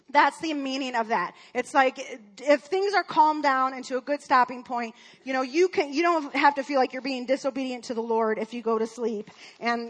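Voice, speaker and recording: A woman's voice: sits high, fairly bright tone. A woman in her forties telling a personal story at church, chatty and rambling, with many fillers and restarts. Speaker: speaker at a church.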